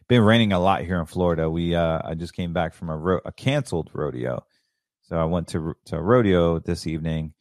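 A middle-aged man hosts a casual solo podcast, talking in a rambling, enthusiastic way. His voice is low and darkish, and the recording is studio quality with no echo.

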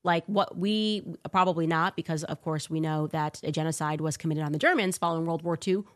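A woman's voice: deep voice, fairly quick. A woman hosting a live commentary stream, fired-up and sarcastic, often mocking others in put-on voices. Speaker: show host. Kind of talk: livestream commentary.

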